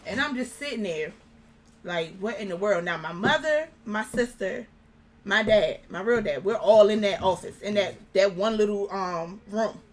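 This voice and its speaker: A young woman, an interview guest, telling a personal story in casual conversation, animated and acting out the dialogue. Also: medium pitch, normal speed. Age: young adult.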